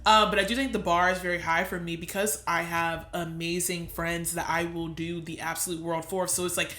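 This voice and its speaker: Young woman co-host, bright and candid, swears freely, echoey room. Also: on the low side, little pitch movement, fairly quick. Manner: emotional, swears freely, laughs through tears. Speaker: podcast co-host. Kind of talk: candid casual chat.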